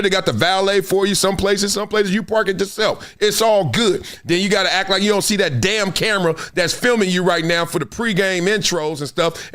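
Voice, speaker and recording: A man hosting a casual commentary show, profane and animated, who keeps acting out little scenes. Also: sits high. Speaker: host.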